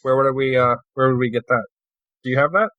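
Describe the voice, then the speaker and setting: A man's voice: medium pitch, steady tone, fairly quick, no room sound, narrow, tinny audio. A man playing in a tabletop role-playing game, chatting casually and cracking jokes. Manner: joking and playful, often laughing. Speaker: player.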